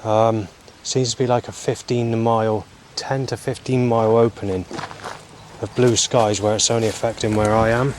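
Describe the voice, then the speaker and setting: A man in his forties talks through a loose video diary, full of ums and restarts and frequent swearing. His voice sits low. Faint background noise runs under the recording. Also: flat delivery, moderate pace. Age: 40s. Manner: rambling, hesitant, swears often, many fillers. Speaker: vlogger. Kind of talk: rambling spoken video diary.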